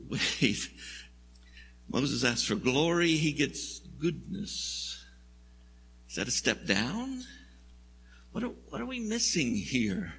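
A man's voice: medium pitch, big pitch swings, slow pace, long pauses, a bit bright, breathy edge. A man preaching a sermon in a church, telling the story in a conversational, wry way. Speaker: pastor. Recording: long hall reverb.

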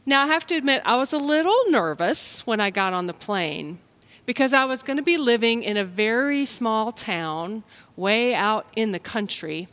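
Gentle woman pastor telling a story. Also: fairly high pitch, expressive. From United States. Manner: gentle storytelling, addressing children, unhurried. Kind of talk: children's message and sermon for an online service.

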